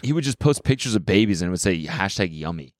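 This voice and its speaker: A man's voice: low voice, animated, fast talker, no echo, studio quality. A man chatting casually on a podcast, laughing a lot and riffing with mock quotes. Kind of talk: casual chat.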